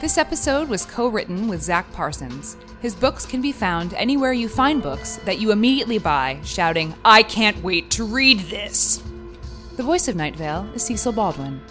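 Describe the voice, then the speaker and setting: A woman reading end credits with a lively, wry delivery. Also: medium pitch, brisk, hardly any pauses, soft background music. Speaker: credits reader. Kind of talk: read credits.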